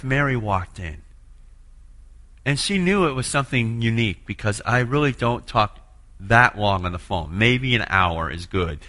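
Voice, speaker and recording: A man telling an earnest spoken testimony of faith, moving between hushed passages and loud, impassioned ones. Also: mid-range voice. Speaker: churchgoer sharing a personal testimony.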